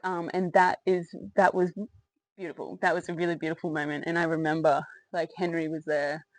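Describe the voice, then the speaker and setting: A woman's voice: sits low, flat delivery, brisk, no room sound, poor audio. A woman telling her own birth story in a candid, rambling way, with lots of fillers, laughter and swearing. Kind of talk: casual personal storytelling to camera.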